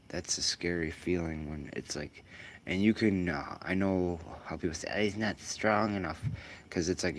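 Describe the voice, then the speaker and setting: A man's voice: sits low, a little hiss or hum. A man giving casual, rambling commentary while sim racing, musing aloud with lots of fillers.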